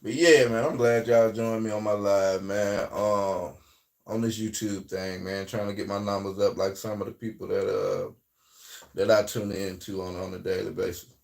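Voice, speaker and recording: A man with a Southern US accent hosting a casual livestream, talking in a loose, rambling way that swings between loud and quiet. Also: fairly low pitch, fairly even intonation, normal speed, vocal fry, far from the mic. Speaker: livestream host.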